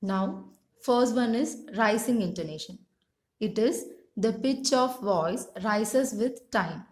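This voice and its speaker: A woman teaching English pronunciation and intonation, pronouncing each word slowly and carefully. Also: on the high side, expressive. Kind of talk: slow instructional reading of vocabulary. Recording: echoey room.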